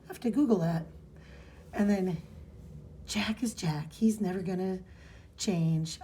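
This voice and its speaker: A podcast co-host walks casually through a comic's plot in a mellow, medium-pitched voice, a little slow and with long pauses. The recap rambles, and she reads dialogue aloud.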